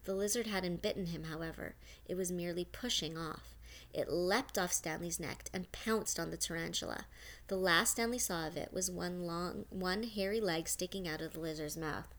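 A woman reading a novel aloud as an audiobook, steady with a few small restarts. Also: on the low side, normal speed. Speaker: audiobook narrator.

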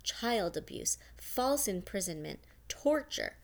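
A small, fierce female attorney who snaps and threatens without backing down, as a woman narrator puts her on. The voice climbs well above the reader's own and gets loud and clipped. She is the storybook heroine's champion, fiery and relentless. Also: lowish voice, moderate pace. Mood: protective. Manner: sharp, snapping, combative.

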